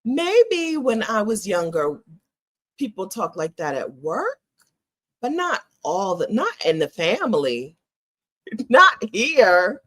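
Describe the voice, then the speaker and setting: A woman's voice: medium pitch, slow pace. A middle-aged American woman vlogging in a casual, opinionated way, emphatic and laughing often. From United States. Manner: animated, emphatic, laughs often, repeats phrases.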